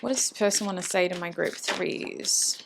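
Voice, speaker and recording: A woman's voice: fairly low pitch, normal speed, creaky, background noise. A woman giving a casual tarot reading to camera, chatty and intimate, musing aloud and voicing channeled messages as she speaks fondly to her viewers. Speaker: tarot reader.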